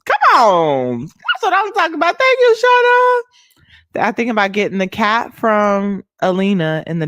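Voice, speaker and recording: A young adult woman hosting a casual livestream, animated and laughing as she thanks viewers by name. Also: medium pitch, dry recording, clean studio sound. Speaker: livestream host.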